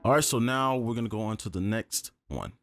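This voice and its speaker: A man's voice: lowish voice, brisk, soft background music. A young man casually teaching beat production in a tutorial, talking loosely with fillers as he works. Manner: relaxed, conversational, lots of fillers like "um" and "right?". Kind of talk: casual screen-recorded tutorial.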